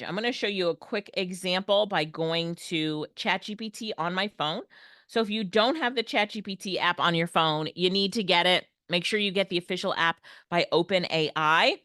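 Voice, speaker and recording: A woman's voice: on the low side, a bit bright, no echo, clean studio sound. A woman presenting an online workshop on everyday AI tools, upbeat and laughing often. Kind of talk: online tech lesson. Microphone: headset or desk mic, video call.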